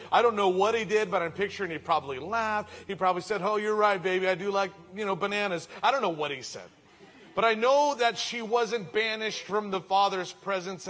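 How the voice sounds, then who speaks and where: A male pastor, preaching a sermon that moves from hushed near-whispers to loud, emphatic passages. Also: fairly high pitch.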